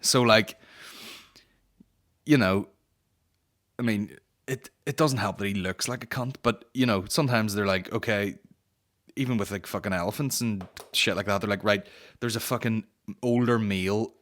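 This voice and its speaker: A man's voice: fairly low pitch, moderate pace, long pauses, fairly bright tone. A man hosting a comedy podcast, ranting crudely and mocking, slipping into voices of the people he talks about. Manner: sweary, mocking, acts out voices. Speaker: podcast host.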